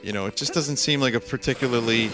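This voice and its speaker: A man's voice: mid-range voice, quick pace, over music. A man streamer telling a story in a casual, rambling way, full of restarts and side remarks. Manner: rambling with frequent restarts and asides.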